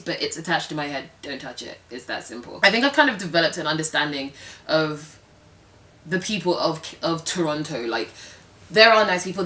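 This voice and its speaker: A woman's voice: sits low, pushed and bright. A young British woman talking casually and frankly to camera, full of fillers and quoted asides. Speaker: vlogger. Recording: roomy sound from a distance.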